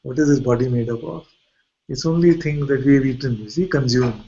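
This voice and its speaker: A man with an Indian accent, a spiritual teacher giving a gentle satsang talk full of rhetorical questions. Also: medium pitch, brisk, dull audio, slight background noise. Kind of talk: satsang talk and video-call chat.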